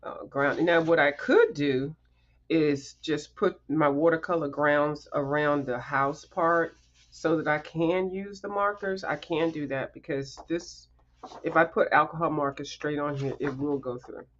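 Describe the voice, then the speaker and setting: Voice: medium pitch, fairly even intonation, a little slow, fairly bright tone, lo-fi sound. A coloring livestream host in a casual show-and-tell chat, rambling and chatty, with emphatic asides to viewers.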